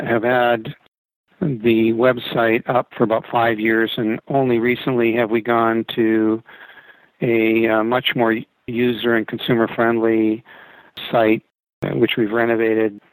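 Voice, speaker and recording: Middle-aged real estate agent, chatty and rambling, mid-pitched, dry close sound. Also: male voice, no echo, rough recording. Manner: talkative, rambling, frequent restarts. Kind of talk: casual interview talk.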